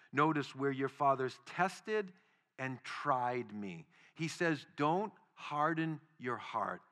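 A man preaching a sermon, emphatic, rising to loud stresses and then dropping quiet. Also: mid-range voice, animated, takes it slowly. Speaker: pastor.

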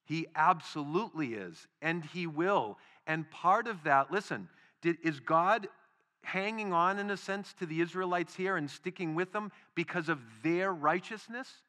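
Male pastor, bright tone, emphatic sermon delivery with big swings in volume. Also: on the high side, expressive, a little slow. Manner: emphatic, rising to loud stresses then dropping quiet.

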